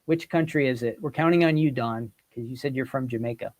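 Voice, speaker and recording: This livestream host has a mid-range, darkish voice and talks a little fast while running a casual quiz. Playful throughout, he reads out the viewers' guesses and comments and pokes fun at them.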